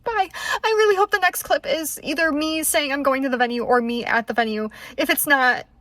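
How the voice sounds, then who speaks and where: Woman vlogger, high voice, chatty and frazzled, phone mic in a parked car. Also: fairly quick, a bit bright, dry recording. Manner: chatty, frazzled, laughs often. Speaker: concert vlogger. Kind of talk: casual vlog talk to camera. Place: parked car in a parking garage.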